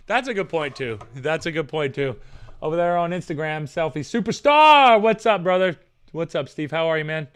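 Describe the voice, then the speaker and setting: A man's voice: on the high side, lively intonation, moderate pace, a bit bright, clean tone. A young man streaming live, reading out chat comments and ranting with plenty of swearing.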